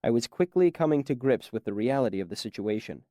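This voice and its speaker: A man reading a first-person fantasy audiobook in a measured storytelling manner. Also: mid-range voice, animated, mellow, no echo, clean studio sound. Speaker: audiobook narrator. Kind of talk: scripted first-person narration.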